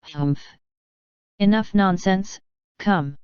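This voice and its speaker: A woman's voice: mid-range voice, very slow, smooth, dry recording. A woman voicing a determined, humble young male fighter in a storybook reading, in a dull, dry recording. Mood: earnest. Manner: earnest, humble.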